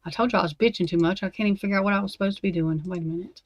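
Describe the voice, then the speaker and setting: A woman's voice: medium pitch, rapid-fire, no echo. A woman, hosting a livestream and ranting to her viewers, profane and fired up. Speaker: true crime livestream host. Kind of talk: angry unscripted rant to viewers.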